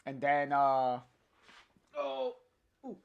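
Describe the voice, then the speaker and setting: A man's voice: fairly high pitch, big pitch swings, extremely slow, gravelly, clean tone, highs cut off. A man reading a comic aloud with his own commentary, hesitant with many fillers. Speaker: comic reader.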